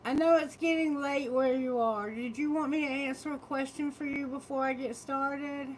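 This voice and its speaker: A woman's voice: high-pitched, fairly even intonation, moderate pace, a little hiss or hum, rough recording. A woman with a Southern American drawl, reading tarot on a live stream from her phone, chatty and laughing often as she greets viewers. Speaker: tarot reader.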